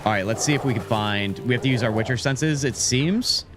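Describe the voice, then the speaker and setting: A man's voice: medium pitch, a little fast, music in the background. An American man streaming a game, rambling casually and reading menu options aloud as he plays. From United States. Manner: rambling, chatty, reads menus aloud. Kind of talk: casual gameplay commentary.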